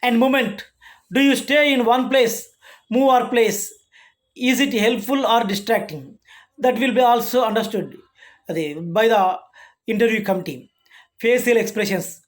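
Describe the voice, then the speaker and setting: A college lecturer, giving a classroom lecture and explaining each point again in simpler words, with frequent restarts. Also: medium pitch. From India. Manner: reads points aloud then rephrases them, with frequent restarts.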